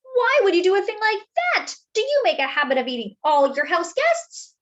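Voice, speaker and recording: A woman voicing a fussy, dramatic little male doughnut that talks in a prim, indignant way. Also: big pitch swings. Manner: prim, indignant, high and slow. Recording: dull lo-fi sound.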